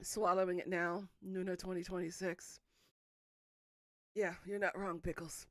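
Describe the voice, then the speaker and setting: Slow-talking swearing woman streamer. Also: fairly low pitch, little pitch movement, no echo, clean studio sound. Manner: swears a lot, groans and coughs through the heat. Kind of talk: livestream hot-sauce challenge chat.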